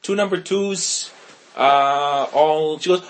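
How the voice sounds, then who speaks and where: A man with a hoarse, worn-out voice, chatting casually as a podcast co-host and telling stories with lots of laughter and swearing. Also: fairly high pitch, unhurried. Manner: animated storyteller, laughs often, swears freely. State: hoarse, voice going. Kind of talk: casual chat.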